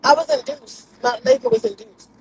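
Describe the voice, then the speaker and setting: A woman's voice: fairly quick, vocal fry, dry recording. A woman in casual chat, animatedly telling her own birth story. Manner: animated storytelling, emphatic swings in pitch. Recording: noisy recording.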